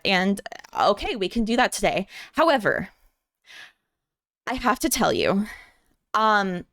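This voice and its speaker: A woman streamer telling a story casually to her chat, animated, repeating words and acting out what others said. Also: mid-range voice, no echo, clean studio sound. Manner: animated, restarts and repeats words, acts out quotes.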